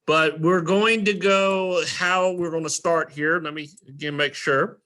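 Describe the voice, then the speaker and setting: A man's voice: a little high, steady tone, unhurried, pushed and bright. A man, an elementary school principal giving a recorded presentation to parents, earnest and often correcting himself. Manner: earnest, repetitive, self-correcting.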